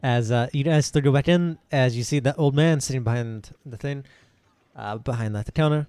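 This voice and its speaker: A man's voice: medium pitch, fairly quick, a little mellow, smooth, dry recording. A man narrating as game master, casual and hesitant, often laughing.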